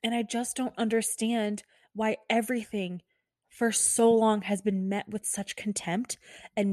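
A woman's voice: mid-range voice, flat delivery, a little slow, a little mellow, dry recording, clean studio sound. A woman who works as a nurse, venting in an exasperated, frazzled, emphatic monologue.

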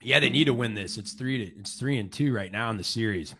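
A young man from St. Louis hosting a casual live podcast, chatty and animated. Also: mid-range voice, fairly quick, husky. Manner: animated, mocks interviews with quoted voices. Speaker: podcast host.

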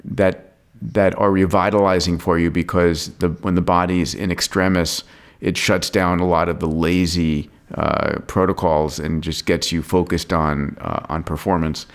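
Deep-voiced enthusiastic podcast host. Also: male voice, level tone, moderate pace. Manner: enthusiastic, interjects and laughs. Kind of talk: casual chat.

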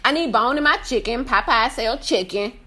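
On a live video, a woman rants through a casual review, loud and profane, often shouting and laughing through her complaints. Her voice is a little high, at normal speed.

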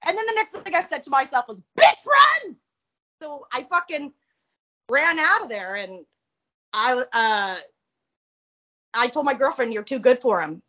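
A woman guest in a casual interview, telling a personal story in a blunt, profane, animated way. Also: a little high, normal speed, long pauses, lo-fi sound.

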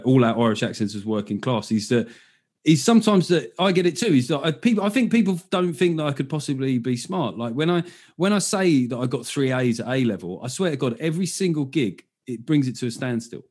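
A man's voice: medium pitch, brisk, a little mellow, slightly rough. A man with a South London accent hosting a podcast, chatting loosely and laughing easily. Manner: rambling, sweary, laughs easily. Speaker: podcast host. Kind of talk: casual interview chat. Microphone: video call.

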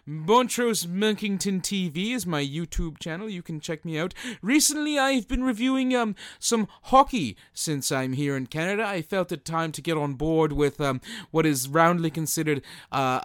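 Casting: man doing a stuffy self-important gentleman, high bright voice, dry close sound. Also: moderate pace, few pauses, clear, resonant tone, dry recording, natural voice. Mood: pompous. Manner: stuffy, formal, hesitant. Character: pompous self-promoting gentleman, male adult. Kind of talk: comedic character bit.

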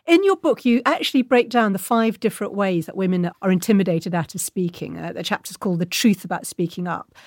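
A woman's voice: mid-range voice, brisk, hardly any pauses, darkish tone, no room sound, clean studio sound. Probing woman podcast interviewer.

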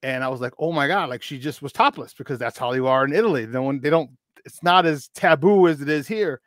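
A man in his fifties, a podcast guest, telling a long casual story in an animated, rambling way with many restarts. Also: mid-range voice, quick pace, dry recording, studio quality. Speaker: podcast guest, football expert.

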